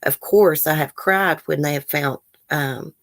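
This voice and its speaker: Tearful low-voiced woman streaming to chat. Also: unhurried, no room sound. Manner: emotional, tearful, sighing, talks to chat. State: near tears. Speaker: true crime channel host. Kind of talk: livestream chat with viewers. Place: home, near the case area.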